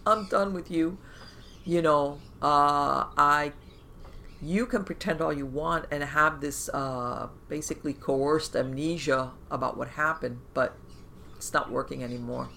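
A woman podcast host giving conversational advice, animated and talking in loose run-on phrases full of fillers, often acting out inner voices. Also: low-pitched, a little slow, vocal fry, a little hiss or hum. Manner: animated, acts out inner voices and quoted thoughts.

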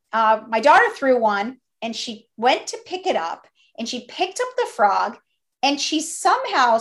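A middle-aged woman with a slightly high voice tells stories as an interview guest. She speaks with animated, enthusiastic energy. She keeps the anecdotes flowing as she talks through them. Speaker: guest, toy company co-founder. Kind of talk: interview storytelling.

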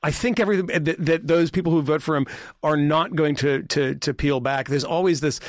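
A man's voice: on the high side, moderate pace, no echo, clean studio sound. A man on a podcast panel talking politics in casual chat, rambling and interrupting himself with repeated words.

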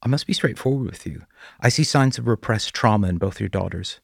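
A man doing a flat, stone-faced counselor. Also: fairly low pitch, brisk, gravelly, slightly rough, dry recording, clean studio sound, pitched above the performer's own voice. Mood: flat formal. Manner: flat, formal, unsettlingly calm. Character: stiff, expressionless male school counselor.

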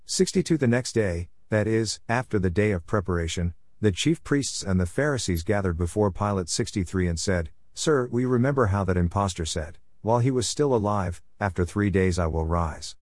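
Low-voiced man reading scripture aloud. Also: animated, a little mellow, dry recording. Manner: measured, announces each verse number aloud. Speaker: Bible reader.

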